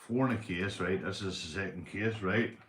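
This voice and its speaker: A man's voice: deep voice, moderate pace, fairly bright tone, a little hiss or hum. Boisterous tipsy Northern Irish man. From Northern Ireland. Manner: boisterous, sweary, laughing a lot. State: tipsy from beer. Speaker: livestream host. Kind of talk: rambling casual livestream chat. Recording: echoey room.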